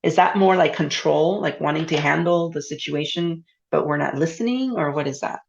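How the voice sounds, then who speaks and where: A woman's voice: deep voice, moderate pace, creaky, lo-fi sound, slight background noise. A woman hosting an interview, asking reflective questions and affirming her guest. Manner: reflective, with frequent affirming murmurs. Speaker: host. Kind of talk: casual interview chat.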